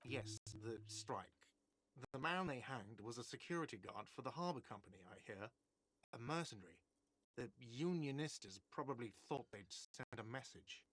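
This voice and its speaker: An actor playing an irritable, defensive cafeteria manager in a video game who talks curtly and sounds put-upon. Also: male voice, medium pitch, animated, moderate pace, a bit bright, no room sound. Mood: grudging. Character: irritable middle-aged man running a cafeteria.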